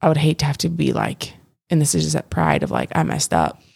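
A woman's voice: low voice, very animated, quick pace, gravelly, darkish tone, slightly rough, no room sound, clean studio sound. A young adult woman co-hosting a casual faith podcast, earnest and rambling with frequent restarts. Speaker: podcast co-host.

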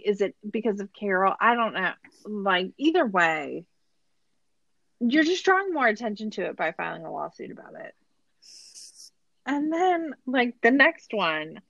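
A woman's voice: medium pitch, big pitch swings, a little slow, vocal fry, fairly bright tone, dry recording, muffled recording. A woman hosting a casual podcast, recapping a show in a laughing, incredulous way, with lots of "like". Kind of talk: casual chat.

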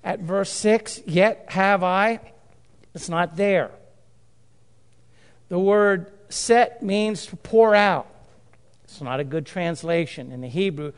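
A man's voice: sits high, slow, pauses often, clear, resonant tone. A man preaching a sermon, emphatic, repeating and drawing out key phrases. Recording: long hall reverb.

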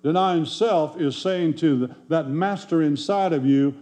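A man's voice: a little high, measured pace, dark tone. A man preaching a sermon in a folksy, conversational way, full of rhetorical questions to the congregation. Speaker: pastor.

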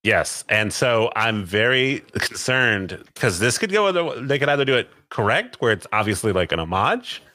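A man's voice: mid-range voice, very animated, normal speed, sharp tone, no echo. A man co-hosting a casual wrestling podcast, giving emphatic, opinionated takes. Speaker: podcast co-host.

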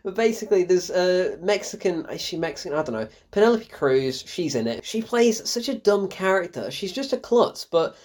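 A woman tears into a film she hated, swearing and laughing in disbelief. Her voice sits a little low. She is casual and fed up. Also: very animated, normal speed, hardly any pauses, darkish tone. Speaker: film reviewer. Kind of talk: ranting film review.

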